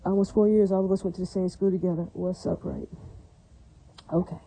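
A woman's voice: fairly low pitch, fairly even intonation, a little fast, warm tone, slightly rough, rough recording. A woman addressing her viewers in a long, angry, rambling rant, repeating herself and often asking if it makes sense. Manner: ranting, repetitive, keeps asking "does that make sense". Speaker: vlogger.

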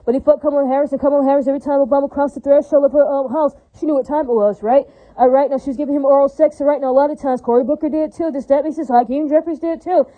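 Tinny-sounding fast-talking woman ranting. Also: sits high, steady tone. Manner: repetitive, rambling, with constant tag questions; agitated, profane. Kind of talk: rambling monologue rant. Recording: tinny phone-like audio.

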